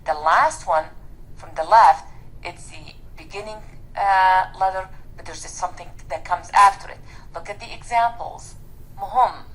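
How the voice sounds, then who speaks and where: A woman's voice: medium pitch, poor audio. Woman teaching letter sounds. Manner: models each sound slowly and explains tongue position. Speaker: Arabic teacher. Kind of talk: pronunciation lesson.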